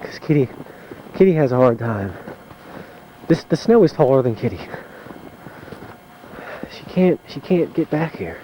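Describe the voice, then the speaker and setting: A man casually narrating his home video on a handheld camcorder as he walks outdoors through deep mountain snow. He talks in a chatty, wry way and curses mildly. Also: big pitch swings, a little slow, pauses often, mellow, a little hiss or hum, rough recording. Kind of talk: casual narration while filming.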